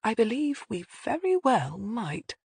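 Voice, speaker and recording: A narrator voicing a shrewd woman police inspector who asks crisp, probing questions. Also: fairly low pitch, big pitch swings, moderate pace, dry recording. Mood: thoughtful.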